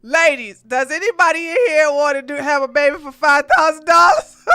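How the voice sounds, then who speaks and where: A woman hosting a live political commentary stream, animated and sarcastic, exclaiming and talking to her chat. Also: sits high, a little slow, dry recording, faint music behind. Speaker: podcast host.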